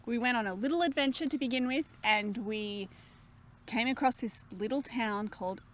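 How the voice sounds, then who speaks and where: Bubbly Australian woman, fairly high voice. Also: normal speed, fairly bright tone. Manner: bubbly, laughing, teasing. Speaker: co-host. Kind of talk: casual family vlog chat.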